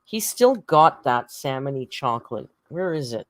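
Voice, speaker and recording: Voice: medium pitch, very animated, moderate pace, no room sound, studio quality. A livestream host in casual reaction chat, rambling and chatty, reading out viewer comments.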